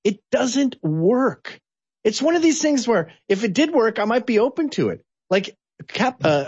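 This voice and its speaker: A man from Canada giving blunt, animated political opinions as an interview guest. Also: slightly rough, no room sound, highs cut off. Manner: blunt, animated, sweeping pitch swings.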